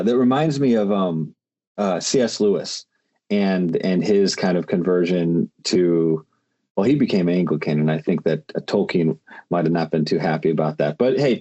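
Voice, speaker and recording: A man's voice: fairly low pitch, warm tone, husky, lo-fi sound. A man hosting a podcast, chatting casually and rambling with many restarts and fillers. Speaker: podcast host. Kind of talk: casual conversation.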